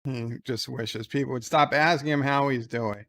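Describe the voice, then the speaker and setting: A man's voice: mid-range voice, steady tone, normal speed, fairly bright tone. A man giving casual live commentary on an episode, retelling scenes by quoting lines.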